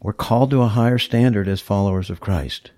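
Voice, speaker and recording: A man's voice: fairly low pitch, fairly quick, mellow, no echo, clean studio sound. A male pastor preaching a sermon, teaching verse by verse in an emphatic, explaining way. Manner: teacherly, emphatic, walks through scripture verse by verse.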